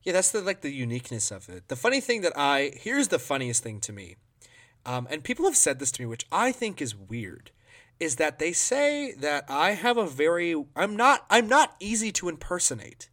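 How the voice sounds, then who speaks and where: A man hosting a podcast, chatting casually and telling jokey stories in an animated way. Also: a little high, moderate pace. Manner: animated, joking storyteller.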